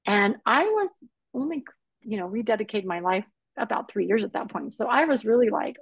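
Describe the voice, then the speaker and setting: A woman's voice: mid-range voice, brisk, slightly rough, no echo, dull audio. Earnest woman sharing a personal story. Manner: earnest and animated, acting out quoted voices. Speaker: podcast guest. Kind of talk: personal testimony in conversation.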